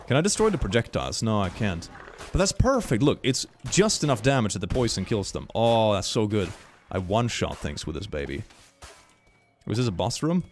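A man's voice: on the low side, sing-song, a little fast, soft background music. A young man giving playful, goofy let's play commentary, full of silly sound effects. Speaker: gaming YouTuber.

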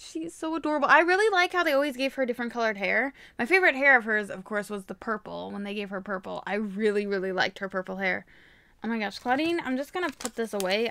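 A young woman chatting casually while unboxing toys, gushing and gasping with excitement. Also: fairly high pitch, a little hiss or hum. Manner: gushing, excitable, frequent gasps. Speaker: toy vlogger.

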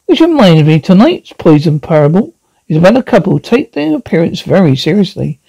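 A man voicing a gleeful ghoulish horror host who delivers pun-filled introductions in a creaky, theatrical voice. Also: high voice, very animated, brisk, warm tone, no echo, exaggerated voice, poor audio. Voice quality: gravelly, creaky. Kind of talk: one-man horror audio drama.

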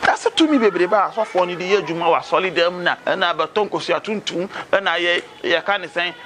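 A Ghanaian-accented man playing a streetwise adviser who persuades a friend, lively and mixing Twi with pidgin English, in a noisy outdoor scene. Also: high voice, a little fast. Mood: persuasive. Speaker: adviser urging a fetish priest.

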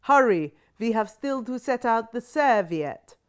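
A commanding grandmother of eighty, put on by a woman reading a novel. She speaks high and loud, slow and deliberate, in formal, slightly foreign phrasing. Not a woman anyone dares disappoint. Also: animated, smooth. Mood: urgent. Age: 80s. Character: imperious eighty-year-old grandmother.

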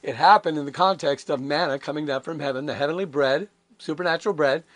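A man's voice: a little high, fast talker, a bit bright, no echo. An older man preaching a conversational devotional sermon, emphatic and candid, full of rhetorical questions. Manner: candid and self-deprecating.

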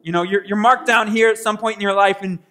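High-voiced man preaching conversationally. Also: fairly even intonation, fast. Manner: conversational preaching with rhetorical questions and quoted prayers; swings from quiet asides to loud bursts. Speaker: pastor. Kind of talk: sermon.

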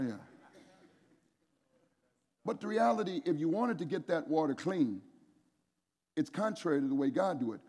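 Guy preaching to a crowd of men, kinda high husky voice, big echoey church hall. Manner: animated, pushes the crowd to answer and raise hands. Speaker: preacher at a men's conference. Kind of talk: energetic sermon with call-and-response. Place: large church hall with an audience. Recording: echoey hall, long reverb.

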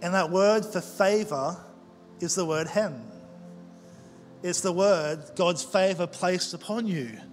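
A man preaching a sermon as pastor, telling stories in a conversational way with quick asides. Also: high-pitched. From Australia. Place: large church auditorium. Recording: long church hall reverb with faint music.

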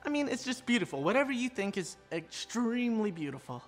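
In an online sermon for children, a woman pastor tells the story energetically and addresses the kids straight on. Her fairly high voice swings widely in pitch and moves fairly quickly over soft background music.

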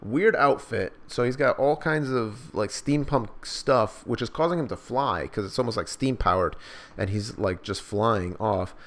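A man's voice: on the low side, a little slow, fairly bright tone. A man doing a live manga reaction, hyped and slangy, reading the dialogue in raised voices.

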